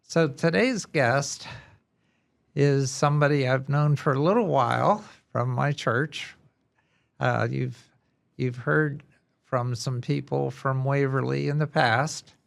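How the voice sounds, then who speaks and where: Slow, gravelly male podcast host. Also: mid-range voice. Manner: measured, conversational, with pauses. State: losing his voice. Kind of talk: podcast introduction.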